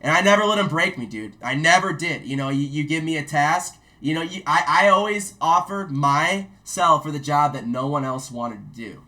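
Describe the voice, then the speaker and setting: A man spins a profane army story in loose, casual talk. His voice has a bright, forceful edge, and he throws in loud shouted quotes as he goes. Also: a little high, normal speed, hardly any pauses. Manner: profane, animated storyteller who mimics shouts. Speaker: guest, army veteran.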